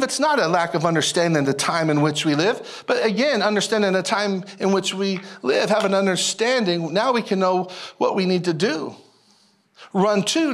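A male pastor preaching a sermon in an animated, folksy way, repeating phrases and calling out to the congregation. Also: high voice. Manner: animated, repetitive, folksy preaching with audience call-outs.

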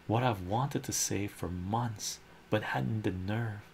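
A man's voice: fairly low pitch, takes it slowly, gravelly, a little hiss or hum. A man reading as an earnest lovestruck man. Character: earnest adult man declaring love to a colleague. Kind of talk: ASMR comic reading.

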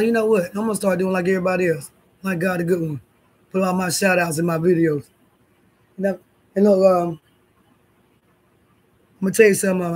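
Woman vlogger w a husky voice, blunt and cussing, talks right at the camera. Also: on the low side, a little mellow. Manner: blunt, profane, addresses viewers and others directly. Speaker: YouTube channel host. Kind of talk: casual vlog talking to viewers.

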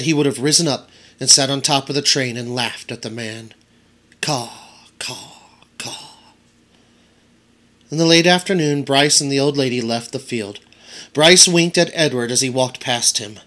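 A man's voice: mid-range voice, a bit bright. A man, a teacher, narrating a children's audiobook aloud for his students.

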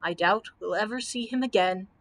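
A woman's voice: mid-range voice, moderate pace, slight background noise, lightly acted. Woman putting on a glum, doubting dromedary. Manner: glum, sniffing. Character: gloomy, doubting male dromedary.

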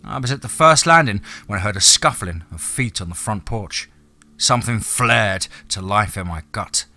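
Bright, measured male audiobook narrator. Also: lowish voice, lively intonation, faint music behind. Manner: measured, dramatic.

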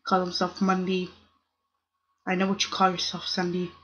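A young woman hosts her gaming channel, chatting casually as she plays against a noisy background. Her voice is fairly low and monotone at normal speed, and she talks to the other players, squealing strings of "no" to scold them.

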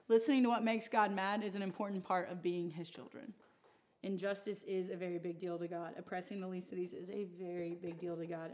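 A woman leads a Bible study class in a casual, chatty, joking way, tossing asides to the room. Her voice is medium-pitched with a darkish tone.

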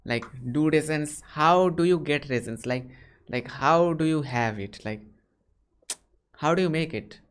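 A man's voice: fairly high pitch, unhurried, clean tone. A man from India hosting casual video chats with strangers and asking lots of short, curious questions over a video call. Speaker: host.

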